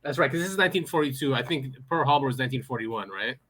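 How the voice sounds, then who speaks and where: A man hosting a podcast in casual chat, excitable and laughing often. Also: medium pitch, very fast, slightly rough. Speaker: podcast host.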